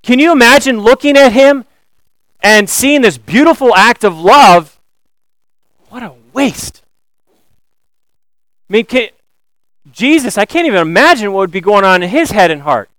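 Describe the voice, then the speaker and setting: A man preaching a sermon, animated and building to emphatic questions. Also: high-pitched, normal speed, clean tone, no echo, low-quality recording. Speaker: pastor.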